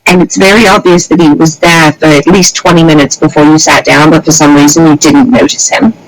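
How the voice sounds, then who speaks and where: A woman's voice: sits low, brisk, dry recording, poor audio. A woman playing in a tabletop role-playing game, chatting casually and enthusiastically about the adventure. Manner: lively and enthusiastic. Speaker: player.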